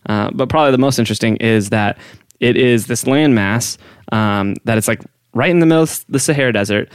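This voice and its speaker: A man with a gravelly voice chats on a podcast, rambling and laughing as he explains things. The mic sound is dry and close. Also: medium pitch, fairly quick, no echo. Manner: giggly, rambling, keeps breaking into laughter. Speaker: podcast co-host explaining a topic. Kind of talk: casual podcast chat.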